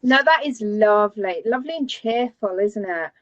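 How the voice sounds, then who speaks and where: A woman co-hosting a casual knitting chat, reacting with quick enthusiasm and teasing her co-host. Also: mid-range voice, expressive, dry recording, highs cut off. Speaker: podcast co-host.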